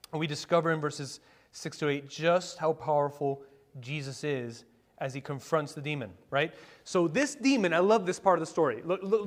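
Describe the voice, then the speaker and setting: A male pastor preaching a sermon in a conversational way, with rhetorical questions and sudden bursts of excitement. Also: fairly high pitch. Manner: conversational preaching with asides and fillers.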